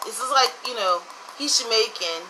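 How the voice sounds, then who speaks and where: A woman's voice: fairly high pitch, expressive, normal speed, sharp tone, a little hiss or hum, low-quality recording. A woman from the United States giving blunt, profane relationship advice in a casual monologue.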